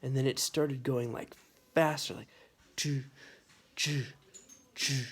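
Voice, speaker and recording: A man telling a personal anecdote, animated and full of sound effects and casual asides. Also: medium pitch, takes it slowly, breathy edge. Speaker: storyteller. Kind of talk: personal anecdote told to camera.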